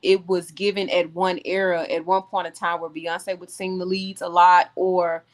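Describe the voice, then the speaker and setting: Low-voiced Southern country woman. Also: little pitch movement, normal speed. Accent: Southern US (Mississippi), country. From Jackson, Mississippi. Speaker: R&B group member, guest. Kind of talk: casual interview chat.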